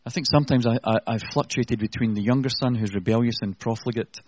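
Man delivering a sermon, earnest and conversational with wry asides, slightly husky; dull, muffled recording. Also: medium pitch, fast talker, darkish tone, no echo. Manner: earnest, conversational preaching with self-deprecating asides. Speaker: preacher.

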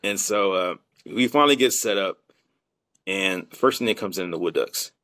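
A man with a drawl and a fairly low voice tells his hunting mishaps in a lively, rambling way, stumbling over restarts and acting out what everyone said. The recording is dry and close, with no room sound. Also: moderate pace, no echo. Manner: animated storyteller who acts out quotes, with many restarts. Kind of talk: casual hunting podcast storytelling.

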